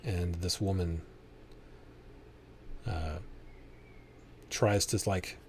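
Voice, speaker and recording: A man narrating a tabletop game as game master, descriptive and unhurried, often restarting his sentences. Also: sits low, fairly even intonation, a little mellow, a little hiss or hum.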